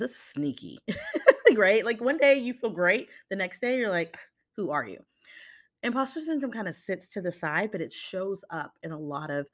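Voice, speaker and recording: Animated woman giving a motivational talk. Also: on the low side. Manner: animated, conversational, acts out inner voices.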